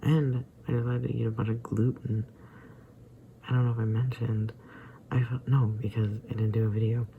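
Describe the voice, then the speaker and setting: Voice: mid-range voice, little pitch movement, normal speed, phone-quality sound, slight background noise. A young adult vlogger who feels sick, rambling hesitantly and often slipping into a whisper. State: feeling sick and tired. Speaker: daily vlogger. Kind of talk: rambling personal vlog.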